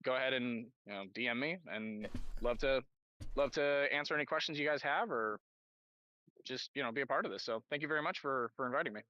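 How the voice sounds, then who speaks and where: Bright man on a dull, dry mic. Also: medium pitch, fairly quick, slight background noise. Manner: friendly, rambling with fillers. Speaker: professional voice actor. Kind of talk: casual self-introduction. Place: outdoors on a street.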